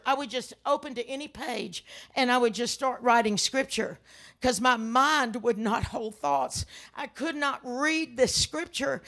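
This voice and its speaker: Older woman preaching, high and dramatic. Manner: dramatic storytelling with sudden loud outbursts. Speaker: minister. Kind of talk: sermon with personal testimony.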